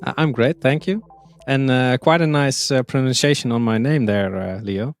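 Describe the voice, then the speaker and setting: A Dutch man from the Netherlands, guesting on a podcast for a casual interview, speaks hesitantly with lots of fillers and restarts. His voice is medium-pitched, clear and resonant, at normal speed, in a dry recording.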